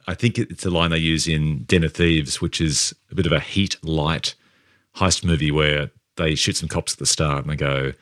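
A man's voice: very deep voice, fairly even intonation, moderate pace, a bit bright, no room sound, clean studio sound. A man co-hosting a casual film podcast, talking through long hypotheticals in a thoughtful, building way.

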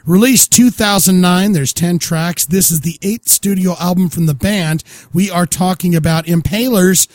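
A man co-hosting a rock and horror podcast, talking in an excitable, crude, joking way and often stammering and restarting. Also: high voice, moderate pace, few pauses, no echo. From Utah. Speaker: podcast co-host. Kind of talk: casual chat.

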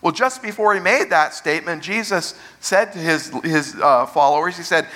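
Bright-voiced male preacher. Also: on the high side. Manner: rhetorical questions, slows to stress key phrases. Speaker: pastor. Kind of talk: sermon.

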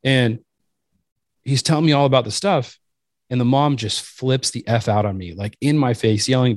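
A man in casual podcast chat, telling an animated anecdote and acting out the people in it. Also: medium pitch, normal speed, dry recording, studio quality. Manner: animated anecdote-telling, acts out quoted voices.

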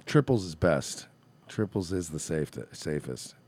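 Laid-back podcast co-host, a man with a low voice and wry, rambling jokes. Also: animated, measured pace, darkish tone, a little hiss or hum. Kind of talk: casual comedic banter.

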